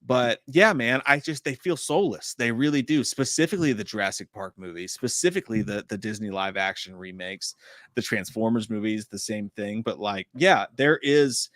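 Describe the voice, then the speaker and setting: A man co-hosting a relaxed movie livestream, reading viewer comments and reacting with loose, swear-filled enthusiasm. His voice sits at an ordinary pitch and sounds dry and close to the mic. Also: normal speed, no echo. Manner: profane, animated, reading viewer comments aloud. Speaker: podcast co-host. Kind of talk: casual livestream chat.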